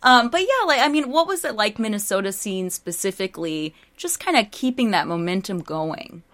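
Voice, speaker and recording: A woman's voice: medium pitch, expressive, normal speed, fairly bright tone, no echo. A woman interviewing a restaurant owner, asking encouraging questions with some fillers. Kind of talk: conversational interview.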